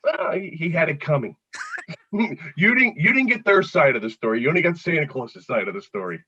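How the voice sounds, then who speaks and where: Man, Philadelphia accent, middle-aged, comedian guest, joke-telling, husky, dull lo-fi sound. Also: on the high side, big pitch swings, moderate pace, bright, forceful tone, no echo. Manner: joke-telling storyteller, laughs at his own lines. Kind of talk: casual chat.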